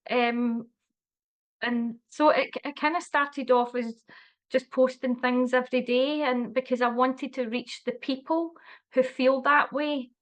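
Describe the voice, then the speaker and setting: Earnest woman with a fairly high voice. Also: fairly even intonation, measured pace. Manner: warm, earnest, with many fillers and restarts. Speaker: wellbeing guest. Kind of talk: casual conversation.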